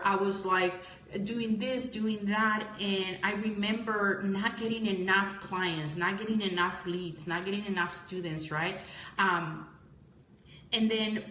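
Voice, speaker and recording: A woman's voice: medium pitch, bright, forceful tone, slight background noise. Tired woman business owner talking casually to a live-stream audience, chatty and self-correcting, roomy echo. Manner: rambling, self-correcting, addresses viewers as guys.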